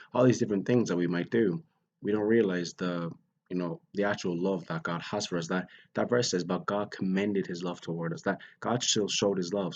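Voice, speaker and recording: Young male vlogger, very low voice, earnest and rambling, muffled home recording. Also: slight background noise. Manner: earnest, rambling with many restarts. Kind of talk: casual faith talk to camera.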